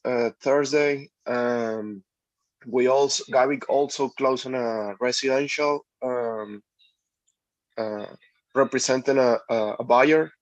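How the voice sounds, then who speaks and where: Man agent, slow and halting, dry lo-fi call sound. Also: medium pitch, no room sound. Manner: halting, many fillers. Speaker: real estate agent. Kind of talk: casual video call update. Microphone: video call. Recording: dry, dull lo-fi call audio.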